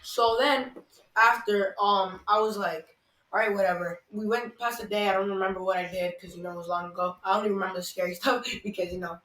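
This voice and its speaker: A man's voice: high voice, level tone, fairly quick, pushed and bright. A man hosting a casual podcast, telling a story in a rambling way with lots of "like" and restarts. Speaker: podcast host. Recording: echoey room, far from the mic.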